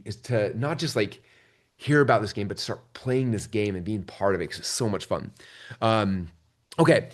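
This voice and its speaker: Guy in his 40s, talks fast, animated storytelling for a training session. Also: medium pitch. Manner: animated storytelling, acts out quoted voices. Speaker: business trainer. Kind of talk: casual live training talk.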